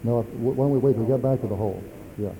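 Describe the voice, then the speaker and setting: A man moderating a church assembly, giving procedural rulings in a measured way. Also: medium pitch, dark tone, slight background noise. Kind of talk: parliamentary chairing. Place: large assembly hall. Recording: dull lo-fi archival recording.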